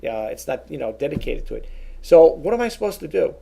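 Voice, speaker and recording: A man's voice: a little high, very animated, fairly quick, vocal fry, mellow, husky. A middle-aged man telling an indignant story in a casual vlog, rambling and often restarting his words. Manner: indignant storytelling, quoting both sides of a phone call. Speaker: vlogger.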